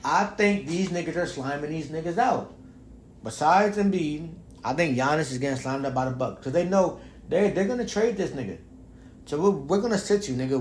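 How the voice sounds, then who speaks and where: A young man hosting a casual sports podcast, talking loosely with lots of slang and profanity, swinging between loud outbursts and low muttering. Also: slight background noise. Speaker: podcast host.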